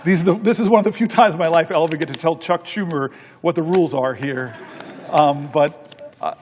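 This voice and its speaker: Middle-aged male senator, high voice, storytelling on the floor, halting delivery, echoing hall. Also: a little mellow, a little hiss or hum. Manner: halting, repeats words, folksy anecdotes. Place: large legislative chamber. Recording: long reverb of a large chamber.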